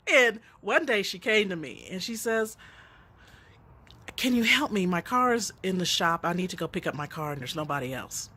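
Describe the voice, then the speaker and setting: A woman's voice: lowish voice, lively intonation, moderate pace, pushed and bright, slightly rough. A middle-aged woman telling a personal story in a reflective way, often laughing as she speaks.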